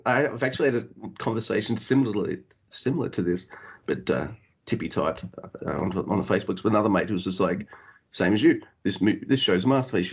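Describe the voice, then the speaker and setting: A man's voice: lowish voice, breathy edge, lo-fi sound. An Australian man co-hosting a podcast in casual chat, animatedly acting out his own past reactions. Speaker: podcast co-host.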